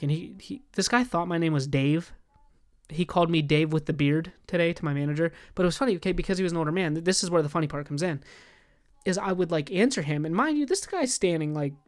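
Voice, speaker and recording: A young podcast co-host spins a work anecdote in loose, casual chat. He swears freely and switches between voices as he plays out both sides of the exchange, keeping the telling animated. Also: on the high side, fast talker.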